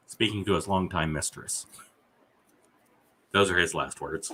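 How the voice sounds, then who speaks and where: Man, low unhurried voice, bright edge, rambling podcast host, swears freely. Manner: rambling, profane, reads out chat messages. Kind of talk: casual rambling podcast chat.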